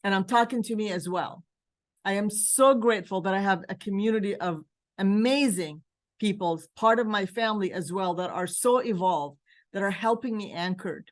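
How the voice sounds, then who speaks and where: A woman's voice: mid-range voice, normal speed. A woman from Palestine hosting a virtual spiritual gathering, speaking earnestly and with emotion, urging her listeners, recorded over a video call mic. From West Bank, Palestine. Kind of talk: heartfelt talk to a virtual group.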